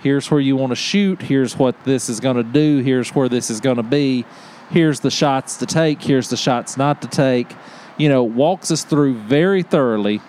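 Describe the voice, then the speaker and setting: Animated storytelling man, faint hiss. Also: mid-range voice, normal speed. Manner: animated, laughs often, acts out quotes. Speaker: podcast host. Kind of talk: casual storytelling chat.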